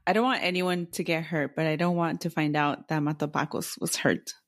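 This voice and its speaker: A woman's voice: sits low, fairly even intonation, brisk. A woman co-hosting a chat podcast, reacting expressively to a story and laughing easily. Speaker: podcast co-host listening. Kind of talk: casual chat.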